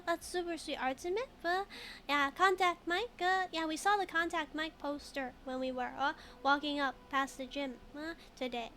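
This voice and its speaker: A woman's voice: very high voice, a bit bright, a little hiss or hum. A woman streaming a video game in a casual, chatty way, laughing often while she reads game text aloud and answers chat.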